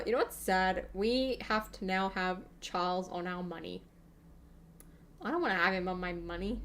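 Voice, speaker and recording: A woman's voice: on the low side, moderate pace. A young woman, hosting a gaming channel and chatting casually over gameplay in a rambling way, full of fillers.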